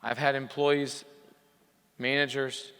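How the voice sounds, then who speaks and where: A man's voice: mid-range voice, level tone, slow, fairly bright tone, clean tone. A man coaching repair shop owners in a motivational speech to a live audience, impassioned, pushing into emphatic peaks. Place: conference hall. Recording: hall reverb from a live venue.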